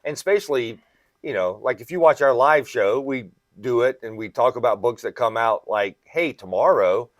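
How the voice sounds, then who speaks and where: A man's voice: medium pitch, moderate pace, no echo, clean studio sound. Talkative male comic shop host. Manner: explains at length, often checks in with "right?". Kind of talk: casual podcast chat.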